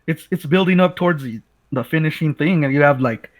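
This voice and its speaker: A man's voice: on the high side, brisk. A man co-hosting a casual film discussion, laid-back and enthusiastic, often saying "man" and restarting sentences. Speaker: co-host.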